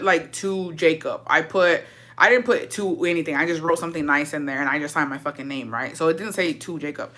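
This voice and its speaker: A young woman live-streaming from her phone with headphones, telling a blunt, profane and animated story in casual storytime. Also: lowish voice.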